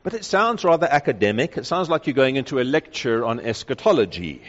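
A man preaching a sermon, reading scripture aloud and slowing down to stress key phrases with emphasis. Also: medium pitch, very animated. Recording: dull lo-fi sound with long hall reverb.

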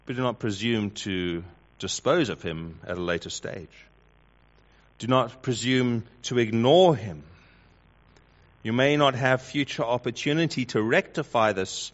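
A man preaching a sermon, building through rhetorical questions and swinging between loud emphasis and hushed lines. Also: mid-range voice, measured pace. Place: church hall with congregation. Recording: dull lo-fi sound.

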